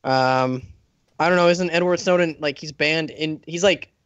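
A man hosts a loose podcast chat, reading listener questions aloud and often breaking into laughter. His voice sits a little high. The recording is dull and lo-fi, with a dry, close sound. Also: moderate pace, fairly bright tone, smooth, no echo. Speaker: podcast host. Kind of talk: casual chat.

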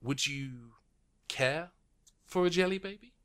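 Man playing a poised alien stateswoman, soft coaxing tone, courteous, lifted pitch, bright edge. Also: unhurried. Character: woman Time Lord prime minister, gracious and shrewd.

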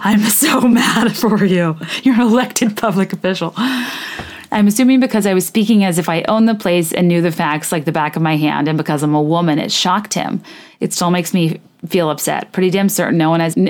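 A woman's voice: low-pitched, steady tone, a little fast. A woman hosting a casual podcast, reading listener stories aloud and reacting candidly and indignantly, with many "like" fillers.

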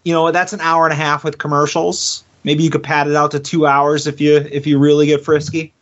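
A man co-hosts a casual movie review and chimes in with dry, wry remarks. His voice is a little higher than most men's. The sound is muffled and dull. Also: little pitch movement, a little fast, fairly bright tone. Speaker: podcast co-host.

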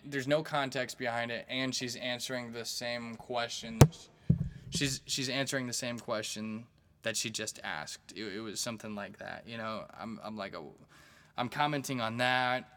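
A man's voice: medium pitch, steady tone, normal speed, background noise. A male stand-up comedian telling stories in a rambling, profane way, with plenty of fillers and restarts. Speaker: stand-up comedian and podcast host. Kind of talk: casual storytelling monologue.

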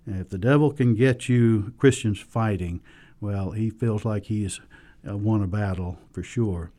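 A man's voice: fairly low pitch, measured pace, warm tone. A man teaching a Bible study lesson, hesitant, with frequent fillers and restarts.

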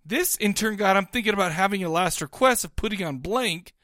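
A man's voice: high voice, a little fast, bright, forceful tone, no echo, studio quality. A man co-hosting a podcast in casual banter, rambling bashfully with many restarts. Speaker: podcast co-host.

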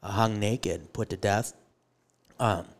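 A man's voice: lowish voice, steady tone, slow pace. A man co-hosting a live podcast, telling stories animatedly with a joking, self-deprecating humor. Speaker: podcast co-host, theology teacher. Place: live event before an audience.

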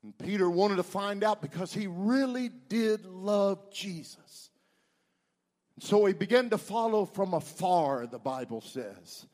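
A man with a high voice preaches a sermon, his delivery swinging from loud bursts to hushed tones. The sound rings with a long reverb from a church sanctuary. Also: animated, measured pace. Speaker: pastor.

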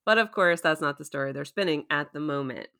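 A woman's voice: deep voice, fairly quick, creaky, pushed and bright. A woman hosting a casual podcast, chatty and laughing often as she recaps a show and acts out quotes. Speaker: podcast host.

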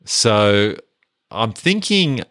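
Man, low voice, dry close mic, relaxed jokey podcast chat. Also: extremely slow, no echo. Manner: laid-back, jokey, playfully presenting awards. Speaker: podcast co-host. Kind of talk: casual movie podcast chat.

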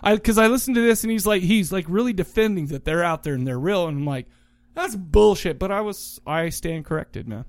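A podcast host chats casually, jokes and laughs often in a dry recording. His voice sits high, and he talks briskly with few pauses.

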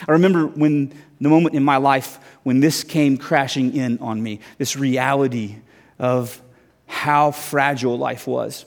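Animated male preacher in a reverberant hall. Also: mid-range voice, unhurried. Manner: animated, self-mocking storyteller with many restarts. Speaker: guest preacher. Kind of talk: storytelling sermon. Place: church hall.

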